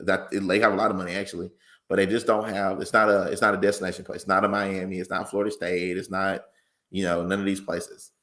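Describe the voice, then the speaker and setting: Deep-voiced, tired sports-talk man. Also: little pitch movement, a bit bright. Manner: measured, conversational, self-admittedly tired.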